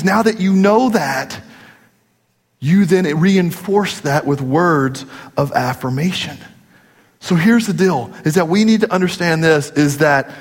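A male pastor preaching a sermon in a conversational, joking way, acting out quoted voices. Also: sits high. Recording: long hall reverb.

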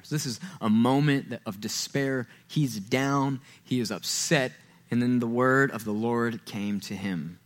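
A male pastor delivers a sermon in a church, casual and conversational in tone. He slips into playful quoted voices and pushes his voice up and louder on key points. His voice sits at an ordinary middle pitch. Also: unhurried. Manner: conversational, acts out quoted voices, rises loud and high when stressing. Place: church sanctuary.

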